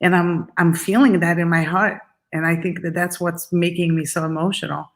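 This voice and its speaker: A woman's voice: lowish voice, little pitch movement, moderate pace. A woman hosting an interview, speaking in an emotional, heartfelt way. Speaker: host. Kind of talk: interview talk.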